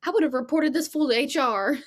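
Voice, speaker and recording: A woman's voice: high voice, brisk. A woman co-hosting a podcast who chimes in with blunt, teasing remarks during casual chat. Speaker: podcast co-host.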